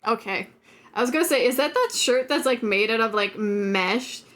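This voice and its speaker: A woman's voice: a little high, moderate pace, fairly bright tone. A woman streamer chatting casually on a live stream, giggly and rambling with lots of filler words.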